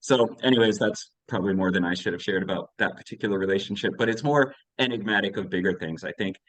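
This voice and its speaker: A man's voice: fairly low pitch, fast, no room sound, rough recording. A man in his forties in a candid conversation on parenting, reflective and thinking aloud. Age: 40s. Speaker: parenting educator.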